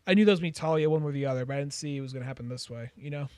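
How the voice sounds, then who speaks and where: A man's voice: medium pitch, rapid-fire, a little mellow, clean tone, no room sound, studio quality. A man co-hosting a podcast, chatting casually in a rambling, hesitant way full of fillers. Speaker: podcast co-host. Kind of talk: casual chat.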